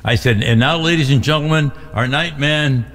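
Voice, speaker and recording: An older man, a veteran radio DJ, tells stories in a halting, animated way during a casual studio chat. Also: on the high side, long reverb tail.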